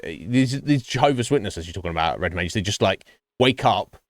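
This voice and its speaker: A man's voice: lowish voice, expressive, a little fast, no room sound. A man streaming and chatting casually with his viewers, rambling and swearing freely. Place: home streaming setup.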